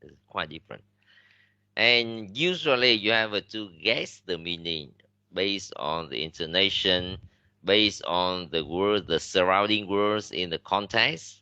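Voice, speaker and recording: Man, Vietnamese accent, English teacher, very deep voice, dry muffled recording, halting lecture with fillers. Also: bright, forceful tone, clear, resonant tone, dry recording. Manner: switches between English and Vietnamese, many fillers and restarts. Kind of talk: classroom lecture.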